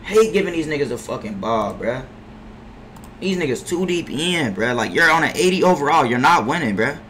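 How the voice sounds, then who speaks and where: A young man streaming a basketball game, cursing at teammates, trailing into low mutters, sometimes shouting from farther off the mic. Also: expressive, a little fast, a little hiss or hum. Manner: frustrated trash talk, profanity-heavy, drops into low mutters; bursts into far-off shouts at teammates. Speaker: gaming streamer. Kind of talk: live gameplay commentary.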